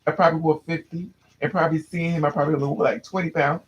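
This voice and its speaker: A man's voice: a little high, fairly even intonation, fast, muffled recording. A man telling a personal story to a listener, candid and restless, often repeating and restarting his phrases.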